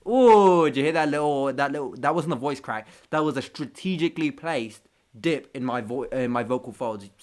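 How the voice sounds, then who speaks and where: A man's voice: mid-range voice, fairly quick. A man with street hosting a reaction video, ranting casually with profanity and self-mocking jokes.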